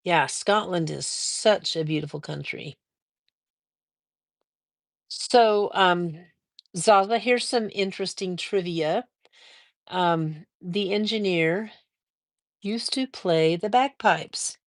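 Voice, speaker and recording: A woman's voice: lowish voice, dry recording, studio quality. Chatty older woman hosting a quilting livestream. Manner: chatty, encouraging, drawn-out fillers. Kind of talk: casual live-stream chat reading viewer comments.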